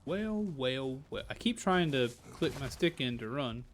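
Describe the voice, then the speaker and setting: A man's voice: medium pitch, expressive, unhurried, slight background noise. A man giving casual live-stream commentary while playing a game, playful and rambling, full of jokes. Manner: playful, joking, rambling asides.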